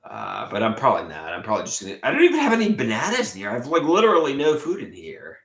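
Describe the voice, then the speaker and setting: A man's voice: mid-range voice, huge pitch swings, fast, fairly bright tone, roomy sound. A man livestreaming from his room at home, rambling and swearing, often repeating himself. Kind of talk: rambling live stream monologue.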